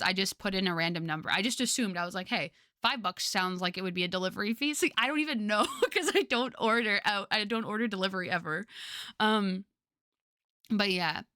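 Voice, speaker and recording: A woman's voice: medium pitch, fairly bright tone, dry recording, clean studio sound. A young woman streamer chatting casually with her viewers, rambling with lots of fillers and frequent laughter.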